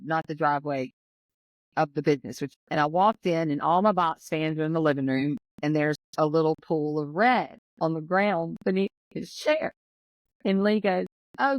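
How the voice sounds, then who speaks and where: A woman's voice: low voice, dry recording, low-quality recording. A woman, telling a painful personal story as a podcast guest and acting out what others said. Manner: emotional, tells her story with quoted voices.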